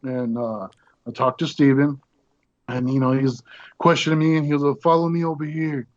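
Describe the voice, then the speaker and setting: A man being interviewed as a guest actor, telling stories in a casual, animated way and acting out the other people in them. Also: mid-range voice, normal speed, dry recording. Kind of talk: casual storytelling. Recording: dull lo-fi audio.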